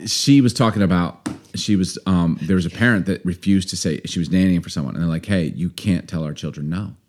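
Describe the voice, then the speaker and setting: Very deep-voiced playful man. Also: a little fast, a little mellow. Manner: playful and dramatic, jumps from joke to joke. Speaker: podcast co-host. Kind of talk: casual podcast chat.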